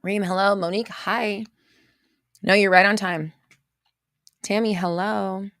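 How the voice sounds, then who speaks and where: Gravelly-voiced woman chatting on a livestream. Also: medium pitch, normal speed, pauses often, fairly bright tone, no room sound, studio quality. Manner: chatty, reads out viewer comments. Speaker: livestream host. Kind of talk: casual livestream chat greeting viewers.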